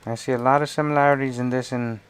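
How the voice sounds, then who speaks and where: A man's voice: mid-range voice, steady tone, quick pace, smooth. A middle-aged man streaming live, talking himself through each design step and teasing his child between tasks. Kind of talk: casual livestream chat while working.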